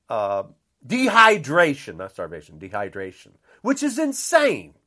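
A man's voice: on the high side, a bit bright. An older man delivering an angry, blunt rant, repeating himself and saying how upset he is. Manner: indignant, repetitive, blunt.

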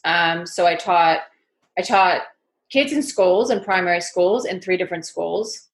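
A woman with a New York accent, chatty and energetic, telling her story as an interview guest in a rambling, casual way. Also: fairly low pitch, unhurried.

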